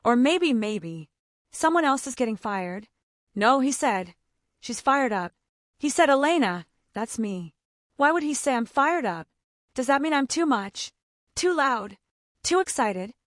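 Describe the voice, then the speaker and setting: Woman narrator for a graded reader: higher voice, lively pitch, simple clear sentences, dry booth sound. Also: no echo. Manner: simple short sentences, slow clear delivery. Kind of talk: scripted first-person story narration for English learners.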